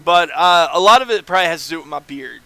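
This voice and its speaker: A man's voice: a little high, lively intonation, fast, sharp tone, no room sound. A man streaming a video game, chatting casually and rambling to his viewers. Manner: rambling, chatty, reads chat aloud. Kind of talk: casual gaming stream chat.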